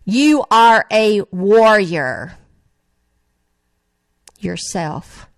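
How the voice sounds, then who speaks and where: An older woman from Nashville, giving a sermon and reciting song lyrics in a slow, earnest, softly emotional way. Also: mid-range voice, animated, dry recording. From Nashville, Tennessee. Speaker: speaker at a religious gathering.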